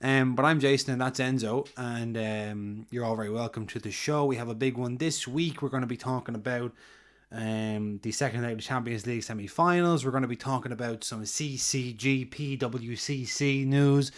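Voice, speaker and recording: A man's voice: medium pitch, normal speed. A man co-hosting a casual podcast, rambling with lots of ums and restarts. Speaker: podcast co-host.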